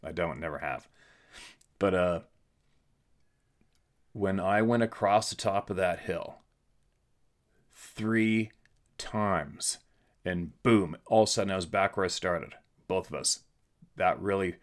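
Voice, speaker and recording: A middle-aged man with a very low voice tells a story in a casual, blunt way. He hammers his points home and repeats himself for emphasis, like a podcast host talking straight to his listeners. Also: a little slow, pauses often.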